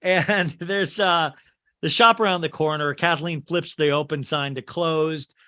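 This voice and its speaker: A man with a slightly higher-pitched voice hosts a casual podcast. He retells a film scene by scene in an animated way, full of "like" and "you know.". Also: unhurried. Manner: animated storytelling with fillers. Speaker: podcast host. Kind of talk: casual movie recap.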